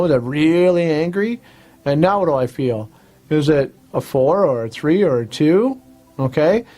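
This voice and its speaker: A man with a slightly high voice leads a guided tapping lesson. He moves steadily from point to point, repeating short affirmation phrases in a relaxed, plain-spoken manner. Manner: repetitive instructional talk with affirmation phrases. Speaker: host and tapping practitioner.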